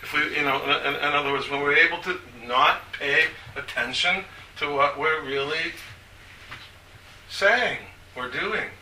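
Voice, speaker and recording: A man's voice: fairly high pitch, bright, forceful tone. Older man, rambling, in an echoey room. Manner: rambling, halting, with many restarts. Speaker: speaker on church liturgy. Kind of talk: informal talk to a small group. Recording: echoey room from far off, faint hiss.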